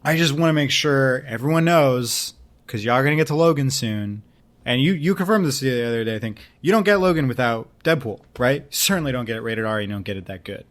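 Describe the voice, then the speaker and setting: A man's voice: medium pitch, animated, fairly quick. Rambling man chatting as podcast guest. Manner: rambling, heavy with "like" and hedges. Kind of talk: casual chat.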